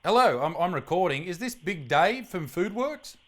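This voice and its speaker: A man's voice: high-pitched, big pitch swings, moderate pace. An Australian man hosting a comedic reaction video, mocking the clips he plays with profane, theatrical insults. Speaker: comedian and host.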